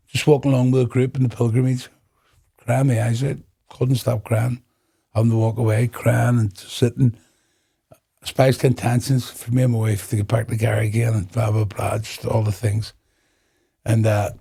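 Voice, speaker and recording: A middle-aged man from Northern Ireland, speaking with that accent, tells his own story as a guest in a podcast interview. He's an animated storyteller who acts out the dialogue and breaks into laughter, his mid-range voice at normal speed with vocal fry and a slightly rough texture.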